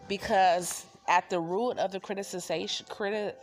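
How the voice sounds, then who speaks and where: A woman's voice: medium pitch, steady tone, normal speed, few pauses. A woman hosting a book review channel, talking loosely and encouragingly and repeating affirmations. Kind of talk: casual spoken book review. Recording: music playing behind voice.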